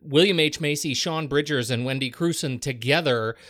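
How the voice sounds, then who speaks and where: A host argues a point about a film with energy, jumping up in pitch on key words. The voice sits at a middle pitch and is recorded close and dry. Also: moderate pace, a bit bright, no echo. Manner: emphatic, analytical, pitch leaps on stressed words. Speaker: podcast host. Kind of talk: casual film discussion.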